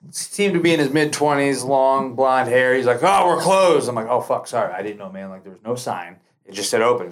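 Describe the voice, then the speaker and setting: Animated, swearing man telling a story. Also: mid-range voice. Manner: profane, animated, acts out quoted lines. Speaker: podcast guest. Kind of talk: casual storytelling.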